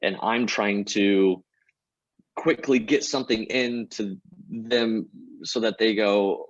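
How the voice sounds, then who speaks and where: An energetic man with a fairly low voice explains his sales approach step by step. He talks casually, as a podcast guest on a remote call. The sound is dry and a little dull, like lo-fi call audio. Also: slow pace, dry recording. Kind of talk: casual interview talk.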